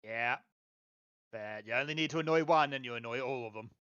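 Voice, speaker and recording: Male podcast co-host, bright tense tone, dull lo-fi mic, short wry interjections. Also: mid-range voice, fairly quick, clean tone. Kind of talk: casual chat.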